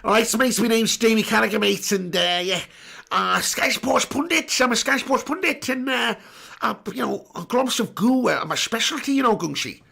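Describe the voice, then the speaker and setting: A man's voice: very high-pitched, lively intonation, normal speed, gravelly, bright, forceful tone, pitched above the performer's own voice, full character voice. A man doing a gobby Scouse pundit. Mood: jokey. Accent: Scouse (put on). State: strep throat. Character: football pundit impression, male, Scouse, gobby.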